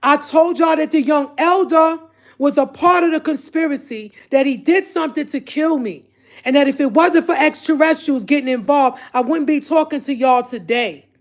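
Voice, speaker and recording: A woman's voice: high voice, moderate pace. A woman vlogger talking straight to her viewers in an emotional, exasperated rant, repeating herself and calling them y'all. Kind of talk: emotional direct-to-camera rant.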